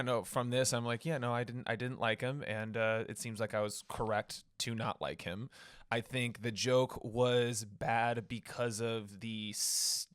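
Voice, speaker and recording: A man co-hosting a podcast in casual chat, riffing quickly with a wry, sarcastic edge. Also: medium pitch, dry recording, clean studio sound. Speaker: podcast co-host.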